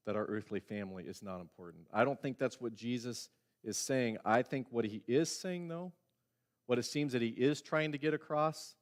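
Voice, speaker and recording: A middle-aged male pastor preaching a sermon in a church, talking conversationally and acting out quoted lines, with sudden jumps between loud and quiet. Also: medium pitch. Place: church sanctuary.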